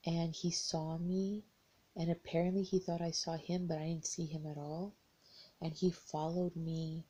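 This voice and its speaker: American woman vlogger, young, low flat husky voice with fry, rambling storyteller. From United States. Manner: rambling, hesitant, many restarts. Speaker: tarot vlogger. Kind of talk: casual personal storytelling.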